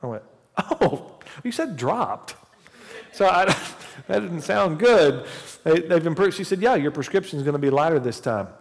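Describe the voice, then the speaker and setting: A man's voice: a little high, lively intonation, normal speed, creaky, few pauses, big-room sound. A man in his forties preaching a sermon in church as the pastor, telling a casual personal story before building to fervent preaching. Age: 40s. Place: church sanctuary.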